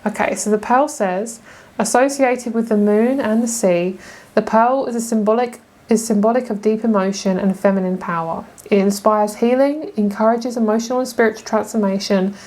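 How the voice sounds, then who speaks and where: A woman's voice: medium pitch, moderate pace, darkish tone. A young woman giving a casual tarot pick-a-card reading, chatty and gushing, often laughing. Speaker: tarot reader.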